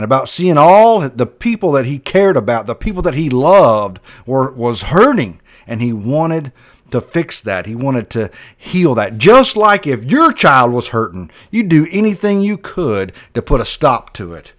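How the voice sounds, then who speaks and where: A man preaching a Bible sermon fervently, voice rising and dropping sharply for emphasis. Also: medium pitch.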